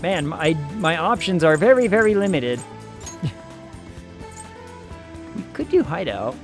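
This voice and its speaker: A man's voice: a little high, very animated, slow, faint music behind. A man streaming a video game, chatting casually in a playful, jokey way. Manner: playful and jokey, slips into silly voices. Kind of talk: casual gameplay commentary.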